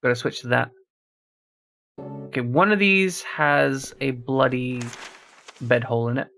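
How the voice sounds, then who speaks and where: A man's voice: mid-range voice, expressive, unhurried, vocal fry, sharp tone, soft background music. A man streaming a horror game, talking casually through a puzzle and chatting to his viewers as he plays. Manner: thinks aloud while solving a puzzle, chats to viewers. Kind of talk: casual gameplay commentary.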